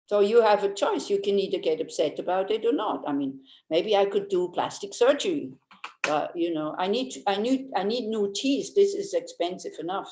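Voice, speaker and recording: A woman's voice: lowish voice, darkish tone. An older woman giving an informal Buddhist teaching. She is chatty and humorous, telling anecdotes and laughing easily. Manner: chatty and anecdotal, with frequent restarts. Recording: roomy echo.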